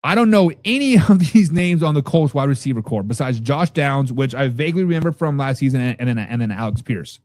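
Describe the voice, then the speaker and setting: A man hosting a casual football talk show, reading viewer comments and reacting loudly with profanity. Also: mid-range voice, animated, a little fast, few pauses, no echo, studio quality. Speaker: podcast host reading live chat.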